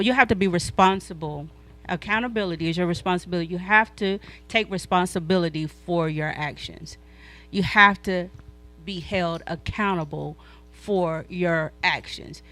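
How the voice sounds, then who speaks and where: A woman hosting a casual youth podcast, her voice bright and forceful. She speaks encouragingly and echoes back what she hears. The sound is dry and close. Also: lowish voice. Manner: encouraging, repeats answers back. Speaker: podcast host.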